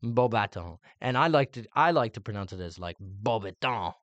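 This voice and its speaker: Playful dad, dry close sound. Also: male voice, mid-range voice, fast, no room sound. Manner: animated, playful, teasing. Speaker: podcast co-host, father. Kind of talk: casual chat.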